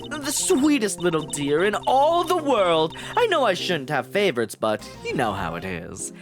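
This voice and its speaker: A man's voice: high-pitched, wildly swooping pitch, normal speed, music in the background. Flamboyant gushing warden lady, as a man puts her on. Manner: theatrical, sing-song, calls everyone darling. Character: flamboyant doting middle-aged woman prison warden.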